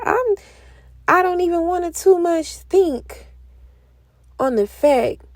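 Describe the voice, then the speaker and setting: A young woman giving an emotional spoken testimony, moving between hushed whispers and loud outcries. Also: high voice, dry recording. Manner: speaks slowly with heavy pauses. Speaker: prophetic speaker. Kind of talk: testimony sermon.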